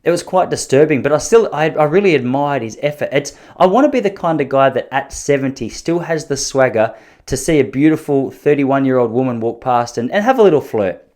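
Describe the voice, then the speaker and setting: A man's voice: mid-range voice, lively intonation, fairly quick, darkish tone. An Australian man in his thirties hosting a podcast, telling rambling, self-deprecating stories in a casual, jokey way. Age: 30s. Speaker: podcast host. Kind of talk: casual solo storytelling.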